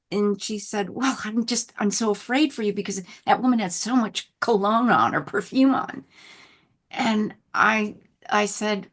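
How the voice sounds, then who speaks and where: A woman telling her recovery story in a candid, animated conversational way, laughing often and going soft when moved. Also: medium pitch, unhurried. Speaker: guest sharing recovery story.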